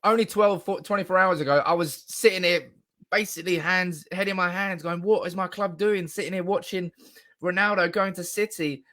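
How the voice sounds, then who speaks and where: A young man hosting a fan livestream, euphoric and swearing, shouting, laughing and reading out viewer comments. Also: sits high, fairly even intonation, normal speed. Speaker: fan channel livestream host. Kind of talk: excited live-stream reaction.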